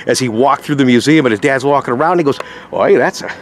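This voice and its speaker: A man's voice: medium pitch, fast, a little hiss or hum. Chatty middle-aged car salesman vlogging outdoors. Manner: chatty storyteller, acts out callers' voices. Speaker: car salesman and vlog host. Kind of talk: casual vlog talk to viewers. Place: outdoors at a dealership lot.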